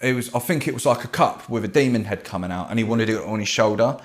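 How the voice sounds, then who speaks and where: Low-voiced man telling stories. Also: fast talker. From Kent, England. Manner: animated, swears constantly, does voices. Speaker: tattoo artist guest. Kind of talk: casual storytelling.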